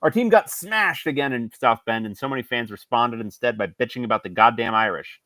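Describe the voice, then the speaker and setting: A man's voice: mid-range voice, lively intonation, fairly quick, pushed and bright, no echo. A man voicing a whiny, exasperated male football fan reading out a rant.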